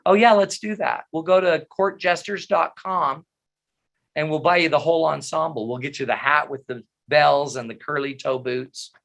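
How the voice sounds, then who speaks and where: A man's voice: high voice, lively intonation, moderate pace, sharp tone, breathy edge, voice pushed up, exaggerated voice. A man voicing his exasperated wife, who scolds him bluntly and mocks him. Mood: mocking. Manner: blunt, mocking.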